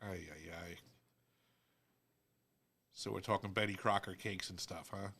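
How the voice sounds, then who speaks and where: Male host, low-pitched, chatty raconteur who acts out the people in his anecdotes. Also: unhurried. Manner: animated storyteller doing character voices. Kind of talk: casual chat, storytelling.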